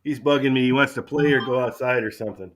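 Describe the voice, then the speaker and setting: Middle-aged male host, easygoing talker who stumbles into his sentences, mid-pitched voice. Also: fast. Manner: relaxed, chatty, repeats words when starting a thought. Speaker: channel host. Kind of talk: casual chat.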